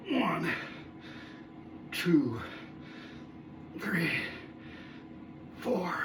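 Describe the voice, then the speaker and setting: A man in his sixties counts his reps slowly and groans between sets, winded from the effort. His voice sits a little high. He sounds distant, picked up by a phone across an echoey room with steady background noise. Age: 60s. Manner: groans and mutters between sets, chatty asides. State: out of breath. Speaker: fitness vlogger. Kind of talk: workout vlog, counting reps aloud. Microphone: phone camera set at a distance.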